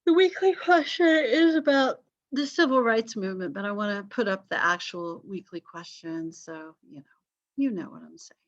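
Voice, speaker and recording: A woman's voice: medium pitch, moderate pace, a bit bright, dull audio. A woman instructor giving a chatty, self-deprecating recorded online lecture with frequent ums. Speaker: college history instructor.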